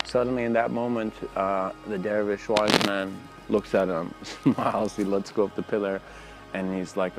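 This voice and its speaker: A man giving a casual spoken lecture outdoors near train tracks, telling stories in a relaxed, rambling way. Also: medium pitch, moderate pace, over loud music, low-quality recording. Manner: relaxed, rambling, many fillers. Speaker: spiritual lecturer.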